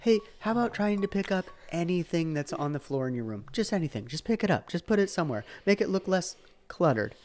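Man doing a raised-pitch, whiny stock dad who scolds in an overdone way. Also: sing-song, fairly quick, a little mellow. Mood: nagging. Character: nagging middle-aged father scolding kids.

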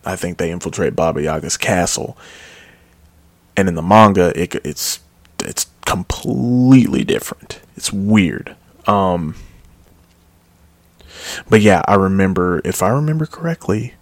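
A man's voice: deep voice, dry recording. A man giving a casual, rambling music review, full of fillers and restarts, enthusiastic about the songs. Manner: rambling, with frequent fillers and self-corrections.

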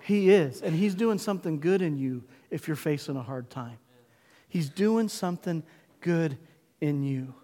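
A middle-aged male pastor preaching a sermon in a church, emphatic, with dramatic pauses and call-and-response. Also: fairly high pitch, lively intonation, mellow, long reverb tail. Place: church sanctuary.

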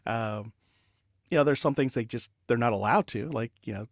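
A man in his forties, a podcast guest and leadership consultant, telling an anecdote in a lively, conversational way with fillers. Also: medium pitch, normal speed, no room sound, studio quality. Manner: animated anecdote telling with laughs and filler words. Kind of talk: conversational storytelling.

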